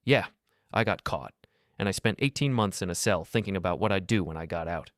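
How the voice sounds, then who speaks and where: A man's voice: low-pitched, a little fast, no room sound, studio quality, close to an everyday voice. A man voicing a bitter, vengeful young ex-con in a storybook narration, with a taunting, menacing delivery.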